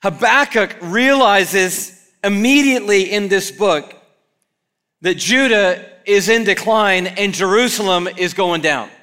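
A man preaches a sermon with a bright, crisp tone that sits high in his range. He is animated and keeps slipping into the voices of the people he quotes. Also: measured pace. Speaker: pastor. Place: church.

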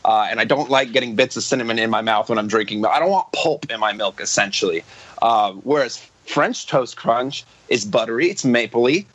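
A man's voice: mid-range voice, a bit bright, low-quality recording. A man on a casual podcast panel, arguing a trivial opinion with playful earnestness. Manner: playfully earnest, self-amused.

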